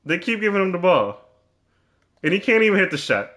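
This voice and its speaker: A man's voice: high voice, very animated, fairly quick, a bit bright. A man commentating his own basketball video game, teasing and trash-talking in a mock-serious way and often repeating himself.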